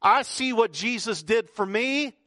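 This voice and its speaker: High-voiced man preaching a sermon. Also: animated, a little slow, bright, forceful tone, no echo, studio quality. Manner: conversational, rhetorical questions, repeats himself. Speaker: pastor.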